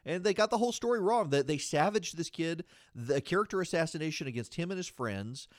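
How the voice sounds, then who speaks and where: A man's voice: on the high side, lively intonation, fairly quick, no room sound, clean studio sound. A man hosting a podcast, giving solo political commentary in an indignant, argumentative way and repeating phrases for emphasis. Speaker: podcast host.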